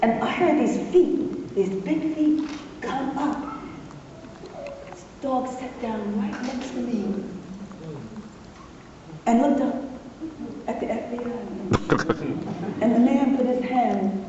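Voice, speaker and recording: A woman's voice: a little high, slow, pauses often. Older woman storyteller in echoing hall. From New York. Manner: rhythmic, repeating phrases, laughs often. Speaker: poet and speaker. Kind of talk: storytelling on stage. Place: arts center hall, live audience. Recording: distant echoey hall, dull and noisy.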